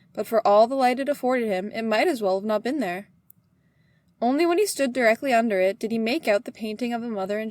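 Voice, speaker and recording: A woman's voice: fairly high pitch, no room sound. A woman reading an old fairy tale aloud as a storyteller.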